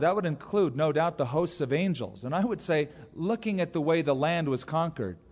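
A man preaching a sermon as a pastor, telling the story in a lively way and briefly acting out the characters' lines. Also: fairly high pitch. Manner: animated storytelling, acting out the characters in quick voices. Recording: long hall reverb.

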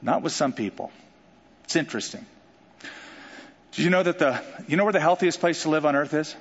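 A man preaching a sermon, animated and playful, with voice lifted somewhat high. His words carry a long hall reverb, and the recording sounds a little dull. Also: brisk. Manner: animated preaching with jokes and acted-out quotes. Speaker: pastor.

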